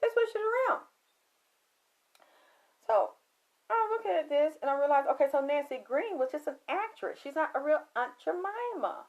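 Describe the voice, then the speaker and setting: A woman telling a spiritual story in an emphatic, preachy, profane monologue that swings from loud to hushed. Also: high voice, animated, normal speed, long pauses, dull audio. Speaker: spiritual talk host.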